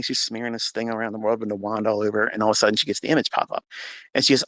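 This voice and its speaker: Here the testimony comes fast: a steady, fairly bright medium-pitched male voice tells an earnest, emphatic story of faith and acts out each exchange. He's recording at home through a phone for a live audio chat, with no audible room sound.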